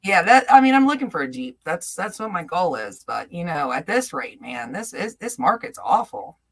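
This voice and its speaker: A woman's voice: on the low side, sing-song, moderate pace, fairly bright tone. A middle-aged woman co-hosting a casual chat, telling personal stories in a heartfelt way. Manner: heartfelt storytelling. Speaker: co-host.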